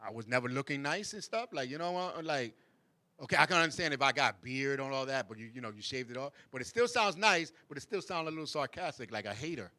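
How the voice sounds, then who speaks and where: Animated, bright-voiced male show host. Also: mid-range voice, fast, dry recording. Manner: animated, mocks backhanded compliments in sing-song voices, laughs often. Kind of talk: casual chat.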